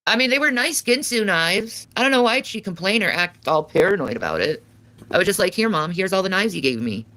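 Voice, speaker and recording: A woman's voice: mid-range voice, sing-song, fairly quick, a bit bright, dry recording. A woman streaming live, reading and answering her chat in a crude, sarcastic, swearing way.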